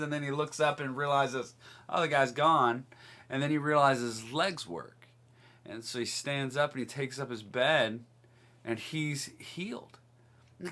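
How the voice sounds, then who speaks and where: A man gives a short sermon in a bright, somewhat high voice. He retells the story with animation, acting out the quoted lines and laughing easily as he goes. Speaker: pastor.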